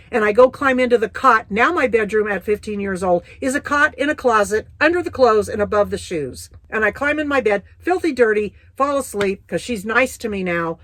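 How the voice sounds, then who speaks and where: A woman's voice: medium pitch, fairly bright tone, no echo. A middle-aged woman from the United States telling her personal testimony in a vivid, folksy, blunt way. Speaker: Christian testimony speaker.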